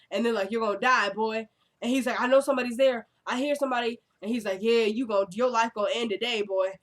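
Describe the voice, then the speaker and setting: A young woman talks through a TV episode in a loose, chatty way, full of "like" and "y'all". Her voice sits a little high, and she keeps slipping into the characters' lines as she retells each scene. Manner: uses fillers like "like" and "y'all". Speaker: vlogger recapping a TV episode. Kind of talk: casual recap chat.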